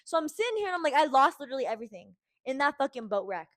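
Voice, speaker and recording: Her voice sits high and sing-song, racing along as this young adult American podcast host tells a story casually. She swears constantly and dramatizes her own quotes.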